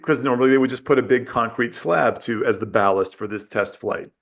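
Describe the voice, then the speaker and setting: A man speaking as a guest on a podcast, thoughtful and halting, often repeating words while he works out his point. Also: mid-range voice. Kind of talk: casual conversation.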